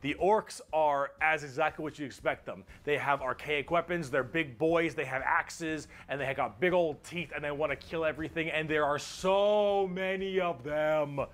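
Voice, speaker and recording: A man narrating a comedic explainer video in an excitable, jokey manner, swearing freely. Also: fairly high pitch, moderate pace, few pauses. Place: played from a video inside a reaction stream.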